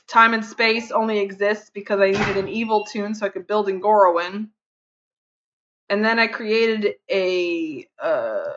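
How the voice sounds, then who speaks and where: A woman's voice: mid-range voice, fairly bright tone, highs cut off, a little hiss or hum. A woman streamer chatting casually to her viewers while she plays, rambling and counting under her breath. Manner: chatty, rambling, talks to chat while fiddling. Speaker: game streamer. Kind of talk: casual live-stream chat.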